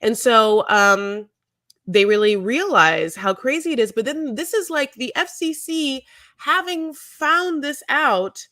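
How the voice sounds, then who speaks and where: A woman's voice: high-pitched, expressive, slow, fairly bright tone, no room sound. A woman in her forties co-hosting a podcast, chatting casually in a rambling, digressive way with frequent swearing. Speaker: podcast co-host. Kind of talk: casual chat.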